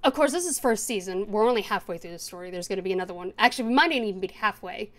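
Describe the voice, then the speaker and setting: A woman's voice: mid-range voice, expressive, rapid-fire, fairly bright tone. A young woman co-hosting a podcast, chatting casually and enthusiastically about anime and laughing often. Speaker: podcast co-host. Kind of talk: casual anime review chat.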